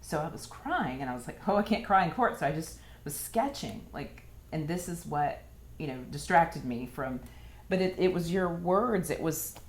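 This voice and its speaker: Interviewee: low-pitched woman in her thirties, earnest and halting, faint hiss in the background. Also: animated. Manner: earnest, halting, many restarts. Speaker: interviewee, former patient. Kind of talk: emotional personal account.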